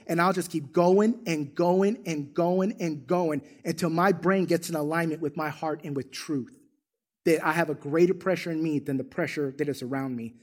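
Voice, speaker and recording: Animated high-voiced male pastor preaching. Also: moderate pace. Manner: energetic, animated storytelling with emphatic declarations. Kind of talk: sermon. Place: church sanctuary.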